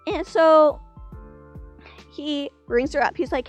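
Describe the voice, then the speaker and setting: A woman's voice: high-pitched, unhurried, faint music behind. A woman casually telling a long joke, rambling with many fillers and restarts. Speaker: vlogger.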